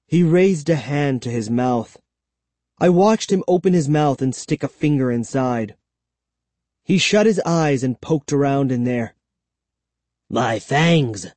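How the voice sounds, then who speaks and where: Male audiobook narrator, slow and lively, mellow tone, dry close mic. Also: a little high, no echo. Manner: slow, expressive storytelling.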